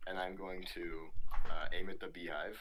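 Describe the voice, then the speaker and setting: A man's voice: low-pitched, flat delivery, normal speed, background noise. A young man playing a tabletop game with friends, joking around as his character. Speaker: player.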